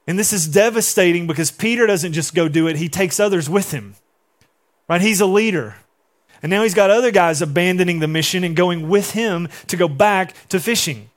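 High-voiced man preaching a lively sermon. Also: a little fast. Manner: animated storytelling, acting out the people he quotes. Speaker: pastor.

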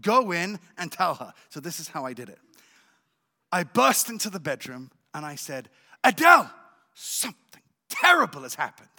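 A man from Israel sharing his personal testimony as a guest speaker at a church service, with animated storytelling and frequent check-ins with the listeners. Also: on the high side, moderate pace, in a large hall. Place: church sanctuary.

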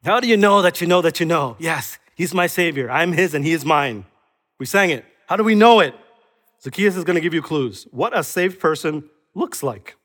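A man preaching to his congregation in a high, bright voice. He keeps asking rhetorical questions and now and then acts out other people's voices. The sound rings with the long reverb of a large church hall. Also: expressive, moderate pace. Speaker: pastor. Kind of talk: sermon.

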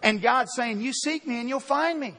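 A man preaching a sermon, emphatic and repetitive, swinging between loud declarations and quiet storytelling in a church. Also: very high-pitched, moderate pace. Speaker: pastor. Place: church sanctuary. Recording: long hall reverb.

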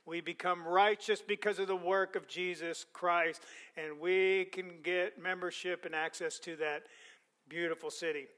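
A man preaching a sermon, reading scripture aloud, repeating words for emphasis and letting his voice fall softly at the ends of phrases. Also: sits high, fairly even intonation. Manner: repeats words for emphasis, quick conversational asides.

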